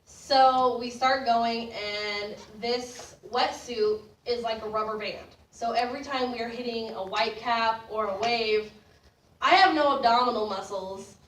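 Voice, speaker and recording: A young woman telling a personal story in a casual, animated way, laughing and getting louder as it builds. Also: fairly high pitch, unhurried, a little hiss or hum. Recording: roomy distant mic with faint ambience.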